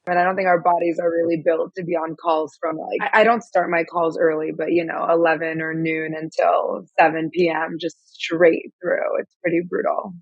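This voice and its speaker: A woman founder as a podcast guest, her voice slightly scratchy after losing it, talking in a relaxed, conversational way. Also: lowish voice, normal speed, vocal fry, few pauses, no echo, dull audio. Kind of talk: casual interview chat.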